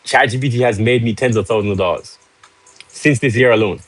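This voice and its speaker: This livestream host talks briskly in a mid-range voice over a rough recording. Salesy and pushy but casual, he laughs readily, jokes with the chat and prods viewers with rhetorical questions.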